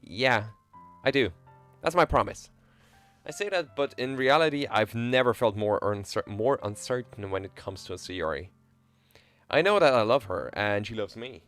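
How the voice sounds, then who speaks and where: A man's voice: lowish voice, expressive, normal speed, a bit bright, smooth, faint music behind. A young man streaming, reading a visual novel aloud in a playful, joking way and chatting with viewers.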